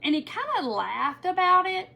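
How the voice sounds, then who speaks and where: A woman's voice: extremely high pitch, moderate pace, creaky. A middle-aged woman, rambling through a story to viewers while working on a live craft tutorial. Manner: rambling, animated, addresses viewers as y'all.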